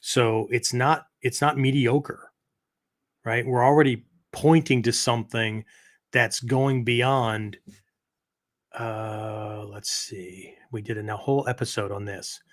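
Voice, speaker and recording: A man's voice: medium pitch, fairly even intonation, slow. Rambling man saying "right?". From United States. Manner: peppers talk with "right?" and "okay?"; rambling, self-correcting explanations. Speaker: martial arts podcast host. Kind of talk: casual teaching talk.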